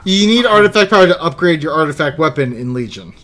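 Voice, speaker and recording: A man co-hosting a gaming podcast in easygoing casual chat. His voice sits a little high for a man. He laughs often and trips over his restarts. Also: animated, quick pace, a bit bright. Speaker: podcast co-host.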